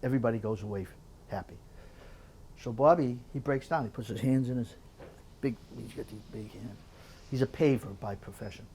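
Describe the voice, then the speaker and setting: An older man, an author speaking at a public library, tells a story in an animated way and often repeats words as he builds it. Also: medium pitch, a little fast, pauses often, slight background noise. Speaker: author giving a library talk. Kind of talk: storytelling lecture.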